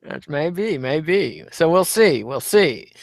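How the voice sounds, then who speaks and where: A man co-hosting a podcast. He talks in a measured, wry, analytical way. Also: on the high side, very animated, vocal fry, no echo. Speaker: podcast co-host. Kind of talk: casual chat.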